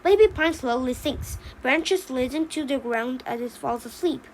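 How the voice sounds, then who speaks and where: A woman reading the narration of a storybook play aloud, halting, with small slips. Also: high-pitched, a little mellow, a little hiss or hum, poor audio. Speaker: reader.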